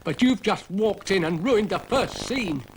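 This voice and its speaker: A man's voice: high-pitched, expressive, measured pace, slight background noise, voice pushed up. A British man voicing a vain, fussy, sarcastic male dog in a pompous, exasperated manner.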